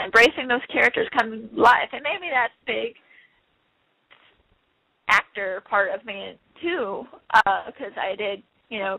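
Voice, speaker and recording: Bubbly, bright-voiced young woman. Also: mid-range voice, gravelly, no echo, poor audio. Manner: bubbly, quirky, laughs often. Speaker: interview guest, wrestler. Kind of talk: casual chat.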